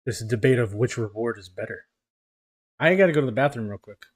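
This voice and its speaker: A man's voice: medium pitch, expressive, fast talker. A man live-streaming a game, chatting playfully with his viewers and teasing them as he plays. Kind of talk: live-streamed gameplay chat. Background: game music and rain.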